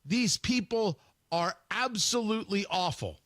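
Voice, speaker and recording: A man hosting talk radio, speaking in a combative, emphatic monologue. His voice sits high and swings widely in pitch, with a bright, forceful edge. The studio sound is dry and close. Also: lively intonation, unhurried, no room sound. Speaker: radio talk show host.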